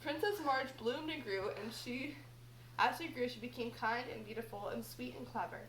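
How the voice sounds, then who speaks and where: A woman's voice: on the high side, normal speed, a bit bright, a little hiss or hum, rough recording. A girl reading a silly picture book aloud at home, playful and stumbling over hard words, with chatty asides. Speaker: reader.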